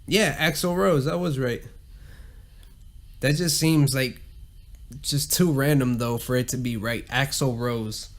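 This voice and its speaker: A man's voice: medium pitch, slow pace, pauses often. A man hosting a casual solo podcast, rambling and cursing a lot and laughing at his own jokes. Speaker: podcast host.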